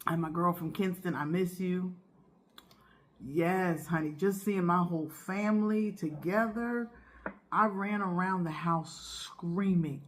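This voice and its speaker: A woman's voice: lowish voice, unhurried. Chatty woman eating on camera. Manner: chatty and expressive, talks through bites. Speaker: mukbang vlogger host. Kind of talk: casual chat while eating.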